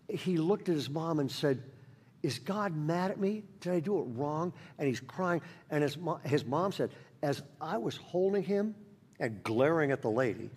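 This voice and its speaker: Animated preacher in an echoing church hall. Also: male voice, a little high, husky. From Northern California. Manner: animated storyteller acting out voices. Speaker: guest pastor. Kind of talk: sermon with storytelling. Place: large church auditorium.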